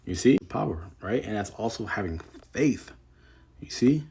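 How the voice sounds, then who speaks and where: A man teaching from the Bible, reading scripture slowly and then explaining it in loose, casual slang. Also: on the low side, animated, a little mellow, husky. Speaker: preacher.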